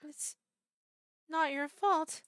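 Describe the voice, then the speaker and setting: A woman voicing an earnest, comforting teenage schoolgirl from a horror game, in a soft, reassuring voice. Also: sits high, drawn-out words, dry recording, studio quality, voice pushed up, heavily acted. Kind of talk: reading game dialogue aloud.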